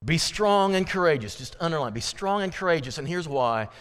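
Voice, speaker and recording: A man's voice: fairly high pitch, expressive, a bit bright, clear, resonant tone. A male pastor preaching a sermon to his congregation, emphatic and repetitive on key phrases, with folksy asides and direct questions to the listeners. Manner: emphatic, repeats key phrases, slows down for stress. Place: church sanctuary. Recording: long reverb from a church hall.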